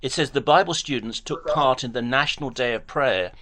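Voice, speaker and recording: A man's voice: mid-range voice, brisk, pushed and bright. A man on a phone debate, talking formally and precisely, citing dates and page numbers carefully. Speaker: caller.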